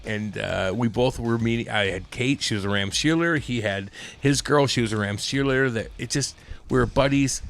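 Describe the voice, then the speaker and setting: A man in his thirties, a former pro hockey player, co-hosting a casual podcast with profane, rambling, animated stories. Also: medium pitch, moderate pace, vocal fry. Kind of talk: casual chat.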